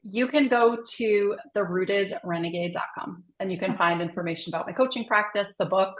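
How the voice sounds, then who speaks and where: A woman's voice: mid-range voice, moderate pace. This is a woman guest on a podcast, an executive coach who talks in an earnest, reflective way and often slips in "like". Her voice sits mid-range, and the room around her rings with noticeable echo. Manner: earnest, thoughtful, often says "like". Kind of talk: reflective podcast interview talk.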